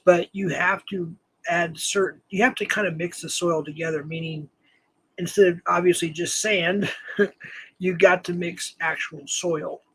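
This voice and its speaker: A man's voice: high-pitched, fairly even intonation, unhurried, a bit bright, breathy edge, rough recording. A man from New Mexico hosting a casual live-stream chat, rambling with many fillers and self-corrections and chuckling often. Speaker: host.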